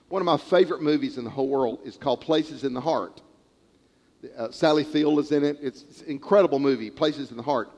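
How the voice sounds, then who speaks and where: A male preacher delivers a sermon, telling a parable with animated, storytelling energy. His voice sits high for a man, and a long reverb of a large hall trails behind every phrase. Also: brisk. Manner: animated storytelling, acting out characters.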